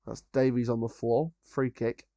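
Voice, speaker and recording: A man talking loosely through a live football watchalong, giving opinions as the game goes on. His voice sits in a middle pitch, and the recording is dry and slightly dull, like a modest home mic with no room sound. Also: flat delivery, normal speed, vocal fry, warm tone, dry recording. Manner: casual, chatty, opinionated, frequent ums and restarts. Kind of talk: live match watchalong commentary.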